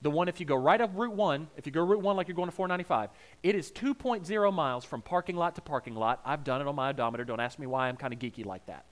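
A man's voice: fairly high pitch, expressive, fast. A man with a Southern American accent preaching a sermon in a folksy, humorous storytelling way, joking with the congregation.

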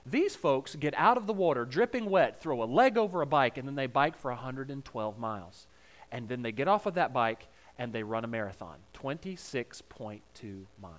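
Lively Southern American man preaching. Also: a little high, normal speed. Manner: humorous, folksy storytelling with crowd asides. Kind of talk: sermon.

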